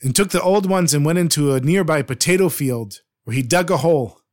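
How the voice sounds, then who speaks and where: A man narrates a dramatic story with earnest expression. His voice sits a little high for a man, and he shapes each scene carefully. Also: brisk.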